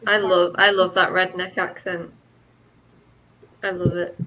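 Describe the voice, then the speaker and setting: A woman in casual chat who sounds giggly and enthusiastic. She speaks very slowly, drawing her words out, and her voice is bright. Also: on the low side, level tone, a little hiss or hum, poor audio.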